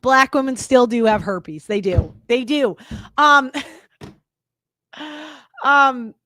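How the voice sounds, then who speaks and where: A woman hosting a commentary show, talking in an emphatic, exasperated way with halting restarts. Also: high-pitched, bright, forceful tone, dry recording, studio quality. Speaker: commentary host reacting to clips. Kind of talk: casual reaction commentary.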